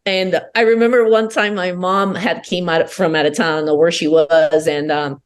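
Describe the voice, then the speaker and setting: Woman from Peru, podcast guest. Low-ish voice, blunt and emphatic, swears freely. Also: level tone, moderate pace, smooth. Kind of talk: candid personal storytelling.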